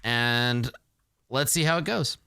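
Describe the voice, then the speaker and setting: A man's voice: medium pitch, takes it slowly, vocal fry, clear, resonant tone, no echo. A man thinking aloud and poking fun at his own bad rolls while he plays a solo tabletop game. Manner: animated, self-deprecating, thinks aloud.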